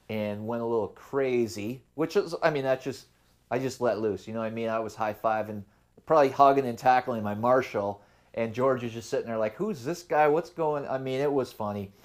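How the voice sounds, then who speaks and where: Speaking at a moderate pace in a mid-range voice, a young man recounts his fishing tournament for his own channel. It's loose, relaxed vlog talk to camera, rambling and full of fillers.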